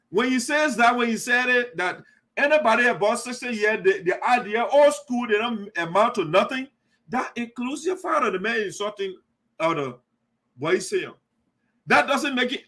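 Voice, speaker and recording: A man's voice: very high-pitched, sharp tone. A man hosting an online radio show, giving heated, repetitive political commentary and calling the listener "my brother.". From Liberia.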